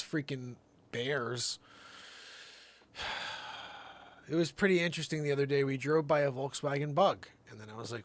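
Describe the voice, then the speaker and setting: A man hosting a comedy show, telling a rambling tall tale that swings from shouts to mutters. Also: mid-range voice, moderate pace, long pauses. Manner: animated storytelling, swinging between shouts and mutters. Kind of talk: rambling comic monologue.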